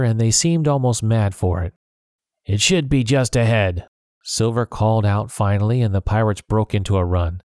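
A man narrating an adventure story audiobook in a measured, expressive way. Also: lowish voice, dry recording, studio quality.

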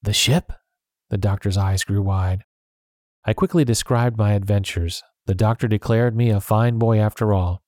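A man narrating a storybook chapter in an even telling voice. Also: fairly low pitch, moderate pace, no echo, studio quality. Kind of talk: audiobook narration.

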